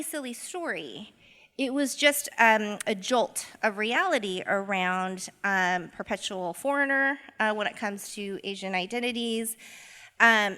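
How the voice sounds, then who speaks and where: A woman's voice: mid-range voice, pushed and bright, in a large hall. A woman educator and mother speaking in a reflective, storytelling way in a podcast interview. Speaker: guest, educator.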